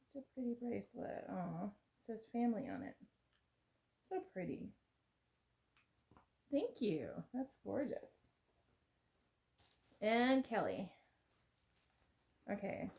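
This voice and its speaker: A woman's voice: mid-range voice, very animated, slow pace, creaky, pauses often, darkish tone. A woman vlogger chatting casually to camera while opening gifts, gushing and exclamatory.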